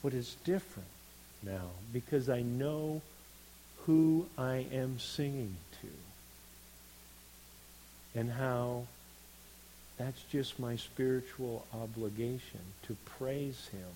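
A man preaching a sermon in an earnest, unhurried way, building to emphatic stresses on key words. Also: medium pitch, warm tone, slight background noise, poor audio.

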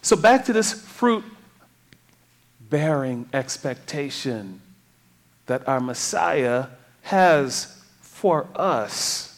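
A male preacher delivers a conversational sermon, leaning on rhetorical questions. His voice sits high and moves with wide, animated swings in pitch. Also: drawn-out words, pauses often.

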